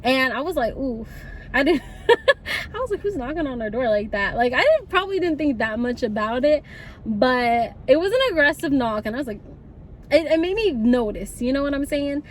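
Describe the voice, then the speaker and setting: High-voiced chatty young woman. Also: moderate pace, slight background noise. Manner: chatty, animated, laughs often. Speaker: vlogger. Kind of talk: casual storytime.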